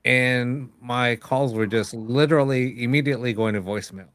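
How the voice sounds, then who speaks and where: A man chatting as a show host, telling a story in a loose, rambling way, full of "um"s and retold dialogue. His voice sits at an ordinary middle pitch and sounds dry and close, with no room echo. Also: fairly even intonation, normal speed, a bit bright. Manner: rambling, with many fillers and quoted dialogue. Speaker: host of a live paranormal show. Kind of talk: casual storytelling chat.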